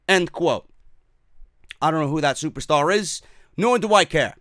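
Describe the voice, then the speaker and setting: A man's voice: a little high, expressive, moderate pace, pauses often, a bit bright, no echo. A man with a New York accent hosting a wrestling talk show, giving blunt, profane, emphatic opinions in casual commentary.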